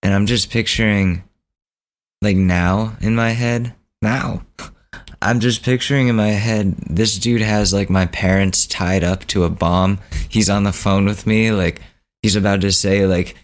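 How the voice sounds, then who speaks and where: Low-voiced, laid-back man telling a story. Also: unhurried. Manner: relaxed and rambling, with laughs. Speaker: podcast host. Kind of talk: casual storytelling.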